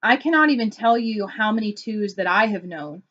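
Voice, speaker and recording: A woman's voice: mid-range voice, moderate pace, highs cut off. A woman consultant explaining personality types in a casual vlog, telling stories and acting out quotes. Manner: animated storytelling with acted-out quotes. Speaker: Enneagram consultant.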